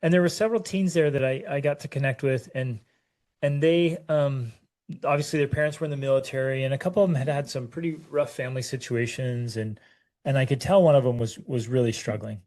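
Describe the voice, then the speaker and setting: A man co-hosting a parenting talk, telling a personal story in a halting, emotional way, full of restarts and repeated words. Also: mid-range voice, fairly even intonation, a little mellow. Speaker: parenting show co-host.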